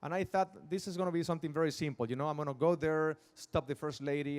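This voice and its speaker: A man's voice: on the high side, steady tone, fast, few pauses, a little mellow. Earnest Mexican-accented man telling a story. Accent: Mexican Spanish. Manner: earnest storytelling, acting out dialogue. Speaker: speaker. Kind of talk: personal testimony speech. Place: large outdoor event stage.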